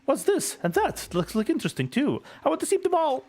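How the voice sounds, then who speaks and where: Man doing a high, gushing little girl inventor, game dialogue read aloud. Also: big pitch swings, brisk, darkish tone, faint music behind, heavily acted. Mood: excited. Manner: gushing, wide-eyed wonder.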